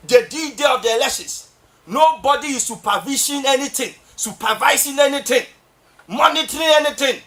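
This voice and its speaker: A Ghanaian man with a Ghanaian accent giving fiery political commentary on a talk show, scolding and often shouting for emphasis. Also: extremely high pitch, normal speed. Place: radio or TV studio.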